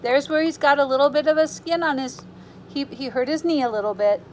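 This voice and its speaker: A preschool teacher reading a picture book aloud to young children, using an animated storytime voice with gasps and gentle, reassuring asides. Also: female voice, high voice, a little fast, poor audio.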